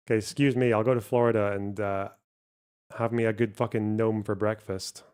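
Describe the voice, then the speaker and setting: A man's voice: lowish voice, flat delivery, normal speed, a little mellow, clean tone. A man, a streamer reading donation messages aloud and answering them in casual, profane, sarcastic chat.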